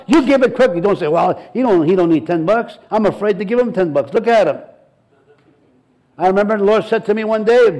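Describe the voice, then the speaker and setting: A man's voice: high-pitched, low-quality recording. A male pastor preaching a sermon, telling stories with acted-out dialogue and frequent repetitions. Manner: animated storytelling, acts out dialogue, frequent repetitions.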